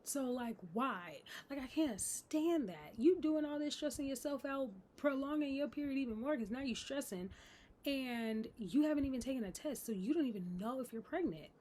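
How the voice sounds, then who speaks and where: Animated woman recapping a TV episode. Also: high-pitched, normal speed, a little hiss or hum. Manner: animated, exasperated, talks straight to viewers. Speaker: recap vlogger. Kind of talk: casual TV recap chat.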